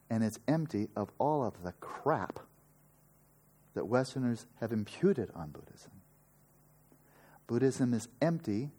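A man's voice: medium pitch, warm tone, slightly rough. A man teaching at a meditation retreat, giving an emphatic, opinionated dharma lecture with sarcastic asides. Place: retreat session.

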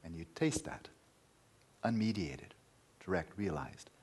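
Low husky male meditation teacher. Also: expressive, unhurried, a little mellow. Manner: emphatic, repeating key words, dropping to near-whispers. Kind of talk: dharma talk.

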